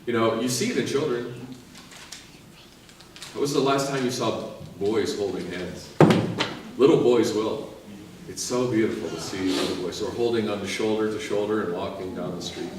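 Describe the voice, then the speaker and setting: A male priest preaching a sermon, lively and joking as he urges the listeners on. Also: lowish voice, moderate pace, background noise. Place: large church. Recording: echoey church from far off.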